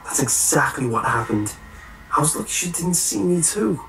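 A man's voice: fairly high pitch, very animated, moderate pace, vocal fry, a bit bright, voice pushed up, full character voice. A man voicing a frightened, breathless teenage boy in a storytelling recording. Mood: urgent. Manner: breathless, urgent. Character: frightened teenage boy who saw an attack. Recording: roomy echo, faint hiss.

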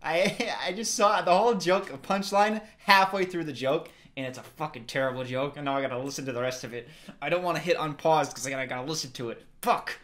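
A woman's voice: low-pitched, fast. A young woman giving casual, profane reaction commentary on a film, swinging between outbursts and laughter.

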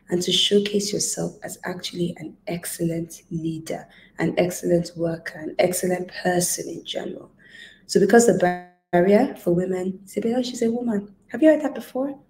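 A woman's voice: on the low side, mellow. A woman giving an emphatic motivational talk as a leadership coach. She builds her points in lists and repetitions and puts questions straight to the listener. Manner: speaks directly to the listener with questions. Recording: echoey room.

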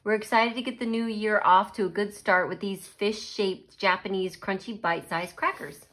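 A woman's voice: mid-range voice, fairly even intonation, normal speed, a bit bright. A woman chatting casually while tasting snacks, murmuring and laughing as she eats. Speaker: snack reviewer.

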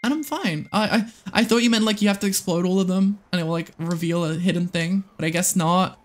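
This young adult gamer streams live and talks with chat, excitable and prone to cursing. Their middling-pitched speech rambles, full of restarts and self-narration during play.

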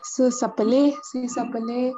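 A woman's voice: a little high, fairly even intonation, moderate pace, mellow, a little hiss or hum. A woman practicing French verbs in a lesson, hesitant and searching for words. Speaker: French student. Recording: dull lo-fi sound.

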